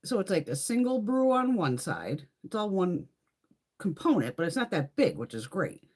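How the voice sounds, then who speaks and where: Husky, swearing beauty streamer woman. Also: on the low side, moderate pace. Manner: profane, laughing, animated storytelling. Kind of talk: casual live-stream chat.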